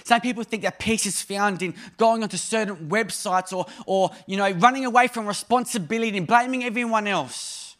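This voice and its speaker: A man in his thirties delivering a sermon with a high, light voice. His manner is chatty and funny, swinging between emphatic bursts and hushed asides. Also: brisk, few pauses. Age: 30s. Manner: conversational and humorous, with sudden emphatic rises and soft drops. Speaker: preacher.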